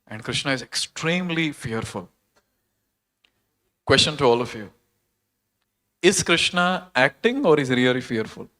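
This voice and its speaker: Earnest man telling a sacred story. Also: a little high. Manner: earnest, animated, questions the audience. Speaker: temple speaker. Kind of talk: devotional storytelling lecture.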